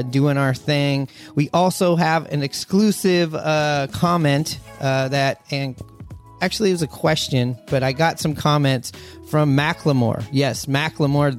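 A man hosting a podcast in a loose, rambling way, full of fillers and the odd curse, from a memorabilia-filled room at a friend's house. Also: mid-range voice. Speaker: podcast host. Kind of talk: casual podcast chat.

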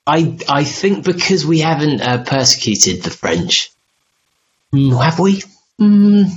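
A man's voice: fairly high pitch, big pitch swings, slow pace, dull audio, a little hiss or hum. A man hosting a podcast in casual chat, rambling and self-deprecating. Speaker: podcast host.

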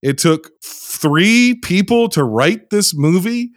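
A man's voice: sits high, slow, no room sound, studio quality. A man hosting a casual podcast chat, speaking sardonically. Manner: sardonic, animated. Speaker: podcast host.

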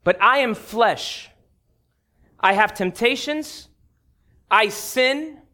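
A man's voice: very high-pitched, expressive, very slow, pushed and bright. A pastor preaching a sermon, telling a personal story with candid humor and speaking directly to his congregation. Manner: direct, talks straight to the congregation.

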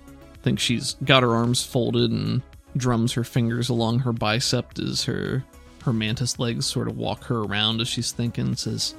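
A man narrating a tabletop game in a relaxed, meandering way, with a gravelly, creaky voice. He asks players what they do next. Faint music plays behind him. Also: medium pitch, unhurried. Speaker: game master.

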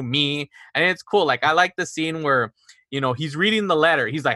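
Bright, slightly high young man, rambling. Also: animated, brisk, no room sound. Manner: rambling, self-deprecating, recounts scenes with quoted lines. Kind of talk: casual movie discussion.

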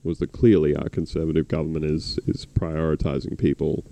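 A man's voice: rumbling low, flat delivery, a little fast, vocal fry, warm tone. An Australian man hosting a podcast, talking in a sardonic, rambling way with many restarts. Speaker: podcast host. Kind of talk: casual chat.

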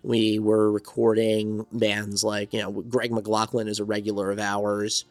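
Male interview guest from New Jersey, lower register, loose reflective storyteller; dry close recording. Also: completely flat delivery, a little slow, no room sound, soft background music. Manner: rambling, reflective storytelling with many restarts. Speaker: songwriter and studio owner, interview guest. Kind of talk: casual interview conversation.

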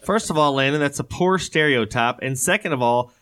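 A man's voice: mid-range voice, a little fast, fairly bright tone. A man, co-hosting a casual chat in which he reads odd news stories with joking, rambling asides and frequent laughs. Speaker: podcast co-host.

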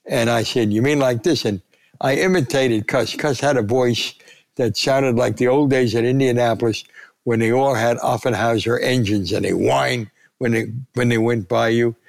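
A man's voice: medium pitch, fairly even intonation, moderate pace. An older man, a retired sports columnist, telling anecdotes as a guest and acting out the voices he quotes. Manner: gravelly, acts out quoted voices.

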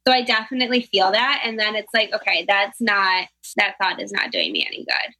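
Bright, upbeat young woman guest. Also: mid-range voice, animated, fairly quick, no echo, low-quality recording. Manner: upbeat, reflective, many filler "like"s. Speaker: podcast guest, travel planner and health coach. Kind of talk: casual chat.

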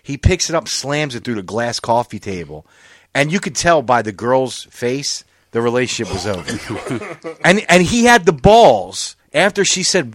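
A man with a medium-pitched voice hosts a podcast, recounting stories with lots of swearing and playful acted-out quotes. He is close to the mic in a dry, dead room. His telling is loose and conversational. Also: moderate pace, no room sound. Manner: animated, profane storytelling with acted-out quotes. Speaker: podcast host. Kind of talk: casual chat.

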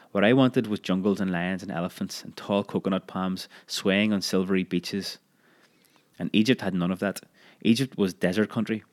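Deep-voiced man narrating a memoir.

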